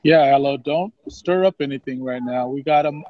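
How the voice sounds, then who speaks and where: A man on a group call, calmly steering the conversation. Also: medium pitch, moderate pace, muffled recording. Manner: calm, steering the talk along. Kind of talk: casual group call chat.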